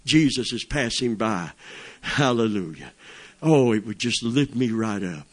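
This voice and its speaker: A man's voice: fairly low pitch, expressive, unhurried. Fervent older man preaching. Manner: fervent, folksy preaching with exclamations. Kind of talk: sermon.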